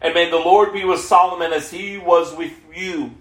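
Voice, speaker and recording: A man's voice: sits high, fairly even intonation, normal speed, a bit bright. A man reading aloud the blessing of a loyal soldier in a plain voice, in an echoey room. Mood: devout. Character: Benaiah, loyal male soldier blessing the king.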